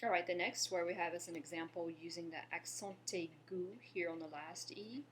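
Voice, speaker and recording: A woman from Louisiana teaching a French lesson, patiently explaining and pausing to have listeners repeat after her. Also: fairly low pitch, steady tone, slight background noise. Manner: patient, slows down to model pronunciation and asks viewers to repeat. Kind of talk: language lesson.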